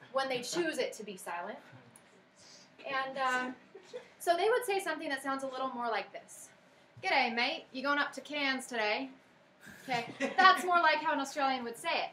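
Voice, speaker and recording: A woman's voice: high voice, a bit bright, slight background noise, rough recording. A woman with an American accent giving an earnest devotional talk, telling a story and reading scripture aloud. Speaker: speaker giving a worship talk.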